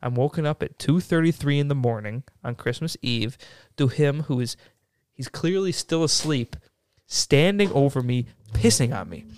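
A young man on a podcast telling a story in a lively, expletive-laden, casual way. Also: mid-range voice, moderate pace. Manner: animated storytelling, swears freely. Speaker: podcast participant. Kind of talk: casual chat.

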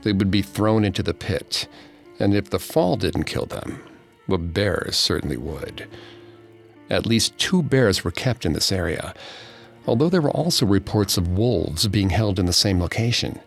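A man giving slow, grave, hushed scripted narration of a dark true story. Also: low-pitched, animated, gravelly. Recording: faint music behind.

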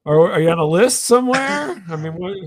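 A man's voice: high voice, very animated, a crowd in the background. A man co-hosting a podcast in casual chat, chiming in with jokes and probing questions. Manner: quick-witted, joking asides and questions. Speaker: podcast co-host.

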